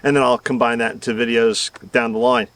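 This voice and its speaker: Recorded outdoors in his garden, a middle-aged Southern U.S. gardening host rambles casually through his video, chuckling and poking fun at himself. He talks a little fast in a medium-pitched, fairly even, slightly bright voice. The camera mic sits a bit away, giving a dry, slightly distant sound.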